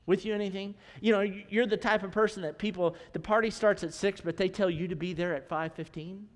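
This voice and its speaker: In a high voice with fairly even intonation and a fairly quick pace, the pastor chats casually with his congregation, working jokes in between points. The church sanctuary gives his words a long, ringing reverb.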